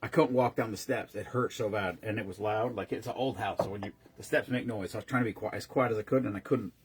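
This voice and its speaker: A man's voice: fairly low pitch, quick pace. A man casually chatting on a live stream, rambling between stories and greeting viewers by name as he mixes drinks.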